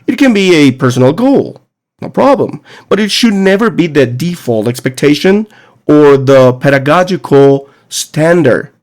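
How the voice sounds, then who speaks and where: A man's voice: fairly high pitch, expressive, unhurried, a little mellow. A man hosting an educational podcast, talking on his own with an emphatic, teacherly delivery full of rhetorical questions. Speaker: podcast host. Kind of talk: solo educational podcast monologue.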